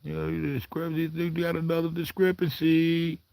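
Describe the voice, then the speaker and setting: A man's voice: fairly high pitch, monotone, brisk, creaky, darkish tone, dry recording. A man hosting his own commentary vlog, rambling and swearing as he talks back at the footage on screen. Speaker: commentary vlogger. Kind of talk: profane reaction commentary.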